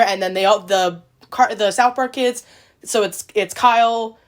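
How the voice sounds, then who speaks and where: A woman's voice: mid-range voice, moderate pace. Woman rambling through a retelling. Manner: rambling retelling, with many likes and quoted voices. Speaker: podcast host. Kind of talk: casual chat.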